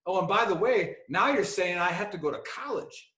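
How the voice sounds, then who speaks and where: A guy doing a cussing southern army sergeant, pitched up, griping in an echoey room. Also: animated, normal speed, bright, forceful tone. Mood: indignant rant. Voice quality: profane, indignant. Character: angry male veteran sergeant ranting.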